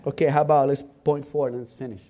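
A man's voice: mid-range voice, little pitch movement, rapid-fire, mellow. A man preaching a sermon in an earnest, emphatic way, building his points through repeated phrases.

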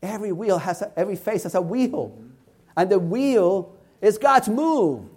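A man delivering a sermon to a congregation, his voice sitting a little higher than most men's. He speaks earnestly and with emphasis, stacking repeated phrases into a rising cadence. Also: normal speed, a little mellow, breathy edge. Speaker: preacher.

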